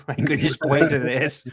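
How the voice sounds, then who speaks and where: A man's voice: a little high, fairly even intonation, measured pace, a crowd in the background. A man in a casual podcast chat, talking sarcastically and laughing often.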